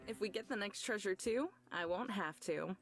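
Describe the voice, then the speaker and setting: A woman voicing a practical young female treasure hunter in a visual novel, brisk and matter-of-fact. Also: medium pitch, expressive, soft background music.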